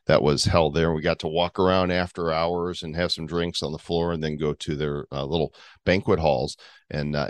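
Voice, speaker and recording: A man's voice: sits low, no room sound. A man co-hosting a casual news chat, reading stories aloud and joking around playfully. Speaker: podcast co-host.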